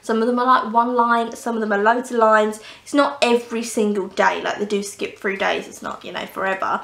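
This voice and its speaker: A woman's voice: a little high, fairly even intonation, a little fast, gravelly, fairly bright tone, roomy sound. A young woman chatting enthusiastically on a casual book review vlog, gushing about the books she has read, recorded at home. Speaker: book vlogger. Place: indoors at home, under a blanket.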